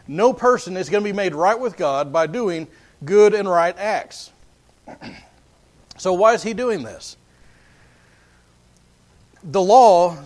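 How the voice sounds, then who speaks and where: A man preaching a sermon in an earnest way, often repeating words as he builds his points. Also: high voice.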